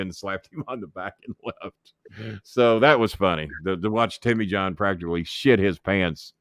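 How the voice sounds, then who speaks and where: A man's voice: lowish voice, normal speed, clear, resonant tone, dry recording, studio quality. A middle-aged man, telling profane wrestling stories in an interview, acting out voices and laughing as he goes. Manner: swears freely, acts out others' voices, laughs mid-story. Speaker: wrestling manager and commentator guest.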